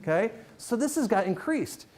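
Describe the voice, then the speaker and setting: A middle-aged man giving a live motivational keynote to a room, joking and teasing the crowd with quick questions. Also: high-pitched, very animated, a little mellow. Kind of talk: live stage talk to an audience. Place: event room with a live audience.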